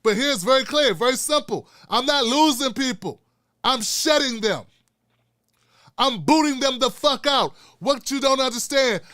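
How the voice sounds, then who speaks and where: Blunt, high-pitched man. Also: sharp tone, no room sound, clean studio sound. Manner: blunt, emphatic and profane, with heavy repetition. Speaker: show host. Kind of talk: impassioned solo commentary.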